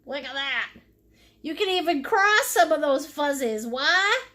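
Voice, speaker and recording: Teaching painting on a live stream, a woman speaks a little slowly in a high, sharp-toned voice with lively intonation. She's goofy and giggly, coins made-up words, and addresses viewers' comments while painting.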